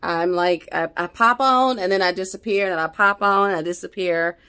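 A middle-aged vlogger with a voice on the low side talks at normal speed, her tone pushed and bright, clear and resonant. Chatting casually to camera indoors at home, she rambles with lots of fillers and restarts and sounds slightly out of breath.

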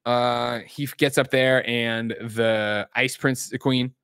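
A man's voice: medium pitch, fairly even intonation, takes it slowly, gravelly, fairly bright tone, smooth, dry recording, studio quality. A man co-hosting a podcast, casually recapping a film scene by scene, swearing freely and acting out the characters' lines as he goes. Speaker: podcast co-host. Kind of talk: casual movie recap chat. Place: home setup, remote show.

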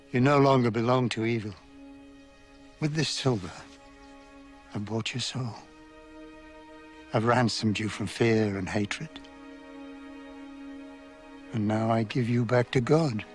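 An actor playing a merciful bishop who speaks earnestly and solemnly, heard as a film clip with a music score. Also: male voice, mid-range voice, takes it slowly, pauses often, lightly acted.

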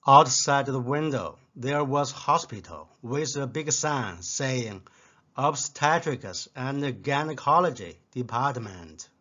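Man, Chinese native speaker, deadpan joke telling, unhurried, muffled sound. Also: mid-range voice. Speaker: joke teller.

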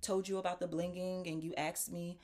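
A woman's voice: on the low side, a little fast. A woman telling a casual story to viewers, acting out the voices of the people in it. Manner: animated, acts out quoted voices; talks straight to viewers as "y'all". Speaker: talk show host.

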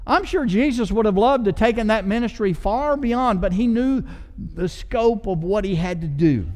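A man preaching a passionate sermon as pastor, mixing loud swells with conversational asides. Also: high voice, animated, normal speed, big-room sound.

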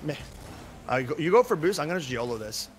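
A man playing an online match with a friend, excitable and quick with repeated callouts over a headset voice chat. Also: a little high, slight background noise. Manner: excitable, rapid repeated callouts, shouts in big moments. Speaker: teammate and co-player.

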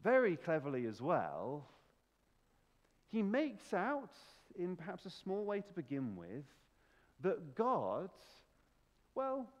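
A man's voice: sits high, huge pitch swings, slow pace, big-room sound, highs cut off. A man preaching a sermon as pastor, emphatic and full of rhetorical questions. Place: church.

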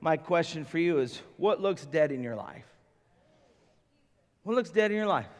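A man's voice: fairly high pitch, lively intonation, moderate pace, big-room sound. A man preaching a sermon as pastor, conversational and emphatic, often acting out how people would react. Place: church sanctuary.

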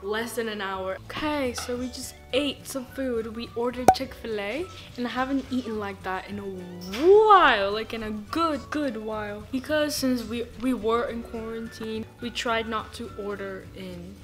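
A woman's voice: fairly high pitch, a little slow, hardly any pauses, over music. Young woman faking a British accent. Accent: put-on British accent. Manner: chatty, giggly, filler-heavy. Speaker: vlogger. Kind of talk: casual vlog tour. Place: hotel room.

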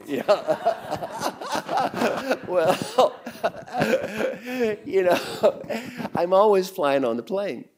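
Over some background noise, a medium-pitched man gives a business lecture to a class. He jokes around, quizzes the audience, and hands out exercises as he teaches.

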